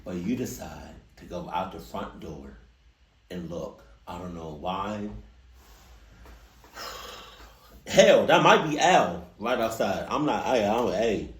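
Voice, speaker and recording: A man reacting to a horror story, loud and animated, joking and swearing. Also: sits low, slow pace, long pauses. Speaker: reaction video host. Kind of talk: casual reaction commentary. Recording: echoey room.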